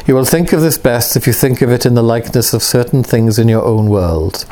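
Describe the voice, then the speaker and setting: A man's voice: medium pitch, a little fast, dark tone, natural voice. A man reading as a solemn Martian archangel. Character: bodiless archangel spirit of Mars, male, solemn. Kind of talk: reading a novel aloud.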